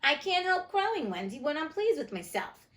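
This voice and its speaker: A woman reads a cocky storybook boy who crows about his own cleverness. The voice leaps up and down and sits a little high. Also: big pitch swings, normal speed, fairly bright tone. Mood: coaxing. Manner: boastful, crowing. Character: cocky conceited boy who won't grow up.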